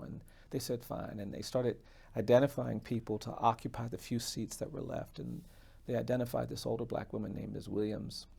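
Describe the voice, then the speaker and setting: A man, a defense attorney, telling a story in an interview in an earnest, measured way. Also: medium pitch, vocal fry, warm tone, breathy edge.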